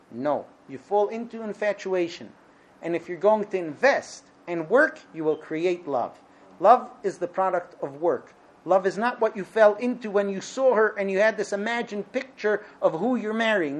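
A man with a high-pitched voice gives a lecture to a class on marriage. He speaks with emphasis and presses his points with rhetorical questions.

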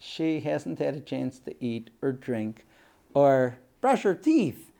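Mellow-voiced male storyteller. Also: medium pitch, takes it slowly, vocal fry. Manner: animated storyteller, acts out voices. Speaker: speaker. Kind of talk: storytelling talk.

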